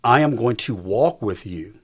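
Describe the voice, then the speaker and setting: A man's voice: medium pitch, animated, a little slow, breathy edge. A man in his fifties, a guest in a faith-based conversation, who talks emphatically in a preacherly rhythm and repeats his key lines. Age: 50s. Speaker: guest on a faith talk show.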